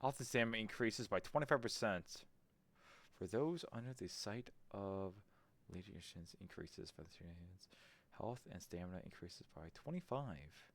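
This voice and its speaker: A man's voice: fairly low pitch, expressive, normal speed. A man streaming a game, thinking aloud, swearing casually and reading menu text as he goes. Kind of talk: casual let's-play commentary.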